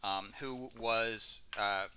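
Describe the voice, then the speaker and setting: A man's voice: on the low side, fairly even intonation, extremely slow, bright, forceful tone, clear, resonant tone. A man co-hosting a podcast in casual chat, laughing easily and hesitating over unfamiliar names. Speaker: podcast co-host.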